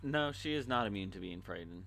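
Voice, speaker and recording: A man runs a tabletop game, calmly narrating rolls and outcomes. His voice sits on the low side, and he laughs along with the players. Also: fairly quick, gravelly, low-quality recording. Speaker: game master.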